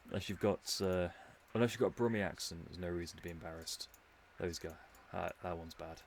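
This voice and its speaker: A man's voice: low voice, a little fast, slight background noise. An English man streaming a game, musing and rambling in a casual commentary with dry humour. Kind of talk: casual commentary while playing.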